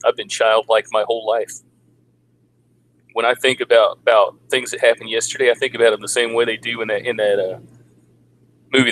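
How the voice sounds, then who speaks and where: A man in his forties ranting in a casual livestream, crude and sarcastic, now and then mocking people in a high put-on voice. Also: fairly bright tone, low-quality recording. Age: 40s. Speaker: vlogger. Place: home in the Philippines.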